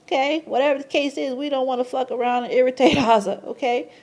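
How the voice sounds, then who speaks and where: High-voiced, excitable woman. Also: quick pace. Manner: excitable, slangy, swears, laughs often, repeats "okay?"; rises to high squeals of surprise. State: tired, sleepy at times. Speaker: numerology vlogger. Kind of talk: casual explainer monologue.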